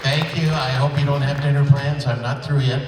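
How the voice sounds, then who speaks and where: A man's voice: medium pitch, flat delivery, moderate pace, over a noisy crowd. An older man, a voice actor on a convention panel, telling stories in a rambling, playful, self-deprecating way. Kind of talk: storytelling panel talk. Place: convention auditorium. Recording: echoey auditorium, distant mic.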